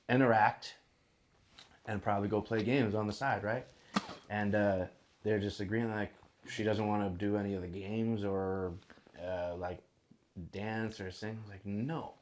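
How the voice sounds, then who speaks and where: A man's voice: fairly low pitch, normal speed, pauses often, a little hiss or hum. Young man telling a rowdy story. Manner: animated, profane, laughing storyteller. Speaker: podcast guest. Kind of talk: casual storytelling chat. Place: podcast studio.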